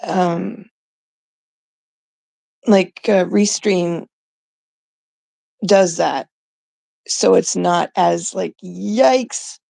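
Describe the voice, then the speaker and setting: A woman's voice: fairly low pitch, drawn-out words, vocal fry, long pauses, dark tone, dry recording. A middle-aged woman from Canada ranting casually and profanely to her viewers. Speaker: vlogger. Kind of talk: casual rant to camera.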